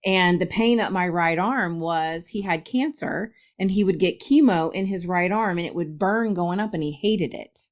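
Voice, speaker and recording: A woman's voice: on the low side, normal speed, few pauses. A middle-aged woman from Ohio, a guest medium, telling a story in a casual interview, laughing often and acting out quotes.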